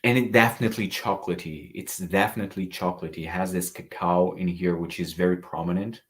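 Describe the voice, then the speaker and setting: Very low-voiced man reviewing fragrances. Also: steady tone, fast talker. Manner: chatty, reads live chat comments aloud. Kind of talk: casual livestream review.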